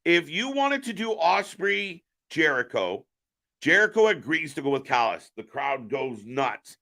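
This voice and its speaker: A man's voice: a little high, very animated, a little slow, pushed and bright. A man hosting a live reaction stream, giving opinionated, profane commentary.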